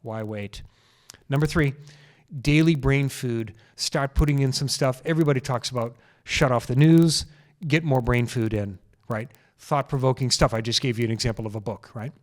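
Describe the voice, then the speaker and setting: A man with a medium-pitched voice and moderate pace hosts a solo health podcast as a chiropractor. Into the microphone he talks earnestly and casually, stressing key phrases by repeating them.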